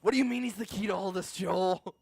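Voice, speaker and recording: A man's voice: high-pitched, a little fast, creaky, crowd noise, pitched above the performer's own voice. A man voicing a brooding male sci-fi villain lord who demands answers in disbelief. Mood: incredulous.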